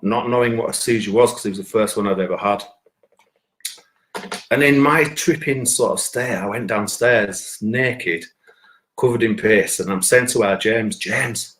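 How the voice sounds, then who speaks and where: A man's voice: on the low side, moderate pace. A man with a Bradford accent telling a rambling, profane comic story from his own life. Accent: Northern English (Bradford). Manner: profane, rambling, excitable anecdote. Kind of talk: stand-up storytelling.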